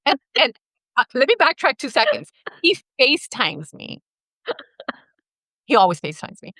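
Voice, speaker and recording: A woman, a therapist and guest, telling a personal story in a lively conversational way and acting out quoted dialogue. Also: high voice, moderate pace, no room sound, studio quality. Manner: animated, acts out quoted dialogue in her own voice.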